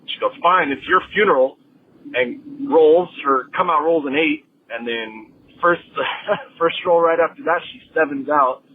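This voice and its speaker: A man phones in over a thin, tinny line, his voice sitting a bit high. He tells a long story at an easy pace and acts out the other people in it. A faint hiss runs behind the call. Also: measured pace. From Las Vegas. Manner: storytelling, mimics a rude woman. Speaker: caller.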